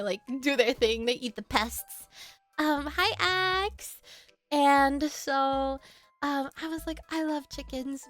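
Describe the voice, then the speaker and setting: A woman streamer telling a story casually to her chat, animated and laughing often. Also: high voice.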